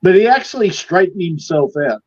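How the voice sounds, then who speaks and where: High-voiced man over a dull line. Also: very animated, brisk, a little mellow, husky. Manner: blunt, swearing, joking banter. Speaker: co-host. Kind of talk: casual live-stream chat. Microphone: video call.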